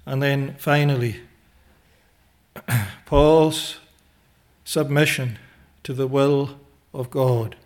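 A man preaching a sermon in a slow, deliberate way, pausing often with "eh" and quoting old scriptural phrasing. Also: medium pitch, steady tone.

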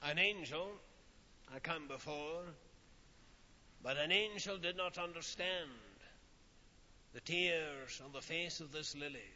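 A man preaching a sermon in a slow, solemn manner, with dramatic pauses and phrases that fall away softly. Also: on the high side, slight background noise. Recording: old lo-fi recording in a reverberant hall.

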